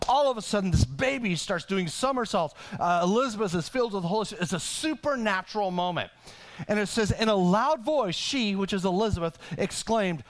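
A middle-aged man preaching a sermon, animated and talking with many restarts and asides. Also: high voice, normal speed. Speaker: pastor.

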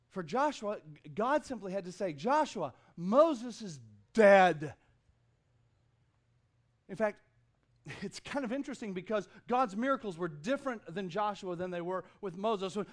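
A man pastor preaching a lively sermon with humor and a rhythmic, emphatic delivery on a stage mic in a church. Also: high voice. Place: church auditorium.

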